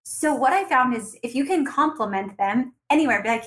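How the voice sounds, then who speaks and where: An upbeat woman with a fairly high voice speaks as a podcast guest, advising dental teams in a brisk, coaching way. She keeps slipping into little acted scenes of what to say to a patient. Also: poor audio. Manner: energetic, acts out dialogues with patients. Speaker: guest, dental practice consultant. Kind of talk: conversational podcast interview.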